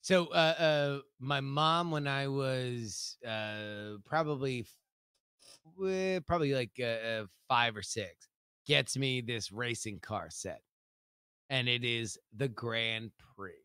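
A man telling a childhood story in casual comedic chat, building it up slowly and hesitantly. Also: mid-range voice, pushed and bright, clean tone, no room sound, studio quality.

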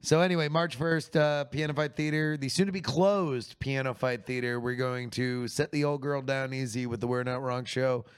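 Smooth-voiced joking podcast man. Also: medium pitch, fairly even intonation, moderate pace, few pauses. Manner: joking, playful teasing. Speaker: podcast co-host. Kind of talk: casual comedic banter.

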